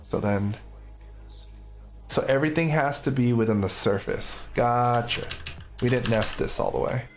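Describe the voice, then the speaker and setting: A man narrates his own coding session on a live stream, thinking aloud as he goes. His talk is casual and upbeat, at an unhurried pace and a middle pitch, with faint music underneath.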